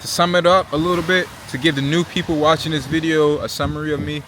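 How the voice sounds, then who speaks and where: American dude from virginia beach talkin to camera outside, faint traffic behind him, lots of "you know?". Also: male voice, a little high, little pitch movement, quick pace, a bit bright. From Virginia Beach, Virginia, USA. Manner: slangy, earnest, repeats "right?" and "you know?". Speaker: travel vlogger. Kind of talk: casual vlog talk to camera.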